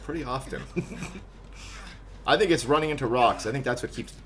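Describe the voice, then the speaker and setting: A man streaming a horror game live, chatting with viewers and teammates, quick to laugh and yelp in surprise. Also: medium pitch, lively intonation, background noise. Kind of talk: live gameplay commentary.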